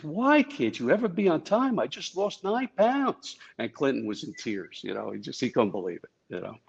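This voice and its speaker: An older man from New Jersey tells stories with a joking, animated delivery. His voice sits low with a gravelly edge. The audio is a bit dull and lo-fi. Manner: animated, joking, acts out dialogue. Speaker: former Secret Service agent, guest. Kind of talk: anecdotal storytelling.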